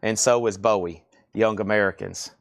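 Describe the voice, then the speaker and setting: A man hosting a live online record sale, briskly announcing items, prices and buyers in a chatty way. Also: on the low side, steady tone, creaky, no echo, clean studio sound. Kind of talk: live online sales patter.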